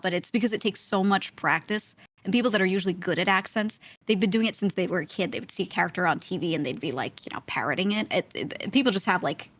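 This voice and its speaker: Speaking in a fairly low, fairly bright voice, a woman appearing as a podcast guest spins out a lengthy story in relaxed conversation. She punctuates it with frequent quick laughs.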